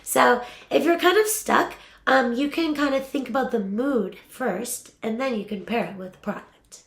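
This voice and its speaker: Young woman, voiceover coach, casual and upbeat, slightly high voice, roomy echo. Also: moderate pace. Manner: chatty, upbeat, many fillers. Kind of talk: casual teaching talk. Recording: echoey room.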